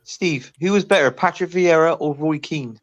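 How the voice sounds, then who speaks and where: A man's voice: a little high, moderate pace, crowd noise. A man in casual football chat who tells rambling stories and keeps restarting his sentences.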